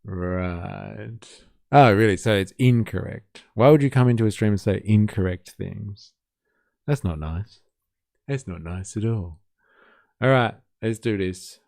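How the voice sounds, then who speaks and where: Slow, gravelly Western Sydney man. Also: on the low side, a little mellow, dry recording, clean studio sound. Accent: Western Sydney Australian. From Australia. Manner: sarcastic, teasing, swears freely. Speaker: live stream host. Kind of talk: casual reaction stream chat.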